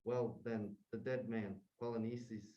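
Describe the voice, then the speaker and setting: A man's voice: on the low side, steady tone, unhurried, natural voice. A young man, a student in a classroom, reading the part of a nervous, rambling male sentry and stumbling over words as he goes. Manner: rambling, stumbling read-aloud. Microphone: distant room mic. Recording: dull, distant classroom recording.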